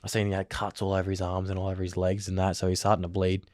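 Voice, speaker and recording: Young Australian male interview guest, casual rambling storyteller, rapid flat delivery. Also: sits low, no room sound, studio quality. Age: young adult. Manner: rambling, filler-heavy, lots of "like". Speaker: interview guest, rugby league player.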